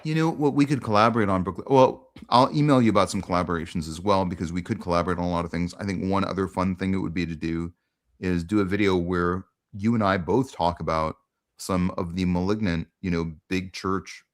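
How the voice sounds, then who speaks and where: A man's voice: low-pitched, steady tone, a little fast. A man hosting a casual online conversation, talking earnestly with frequent ums. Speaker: host.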